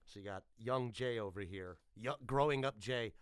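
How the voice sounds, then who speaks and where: A man from the United States hosting a podcast interview, chatting in an animated, profane, jokey way with lots of restarts. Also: on the low side, moderate pace, clear, resonant tone, no room sound. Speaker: podcast host. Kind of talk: casual interview chat.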